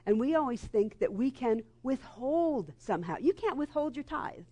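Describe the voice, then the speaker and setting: Lively, higher-voiced woman preaching. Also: normal speed. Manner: lively and conversational, acts out quoted voices. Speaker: guest minister. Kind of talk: sermon with storytelling. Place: church sanctuary before a congregation. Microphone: live microphone.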